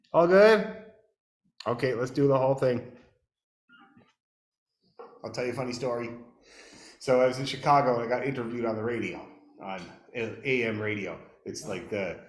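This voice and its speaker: A man from Nova Scotia leading an orchestra rehearsal, counting the players in and telling a relaxed, chatty story. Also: mid-range voice. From Nova Scotia, Canada. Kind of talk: rehearsal talk and anecdote. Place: rehearsal hall. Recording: roomy echoey hall.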